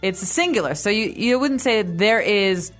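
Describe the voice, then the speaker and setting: A woman's voice: medium pitch, expressive, moderate pace, faint music behind. A woman co-hosting a casual language-lesson podcast, who explains grammar step by step and teases her partner playfully. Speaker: co-host teaching Italian.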